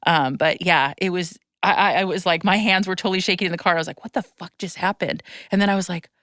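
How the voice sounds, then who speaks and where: A woman hosting a podcast, telling a story to a friend in an animated rush, with frequent restarts and casual swearing. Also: on the low side, quick pace, no echo, clean studio sound. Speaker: podcast host. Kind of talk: casual chat.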